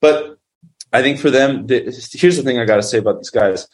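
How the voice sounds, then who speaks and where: A man's voice: medium pitch, brisk. A man who makes documentaries, telling a story in a casual, rambling way, full of fillers. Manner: rambling, filler-heavy with constant "like". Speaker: documentary filmmaker.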